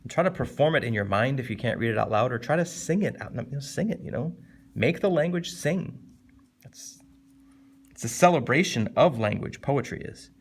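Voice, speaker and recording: A man teaching a casual, animated literature lesson, jumping up in pitch to stress points and slowing down to read poem lines. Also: breathy edge. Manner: animated, conversational, with sudden lifts in pitch for emphasis; reads poem lines slowly and deliberately.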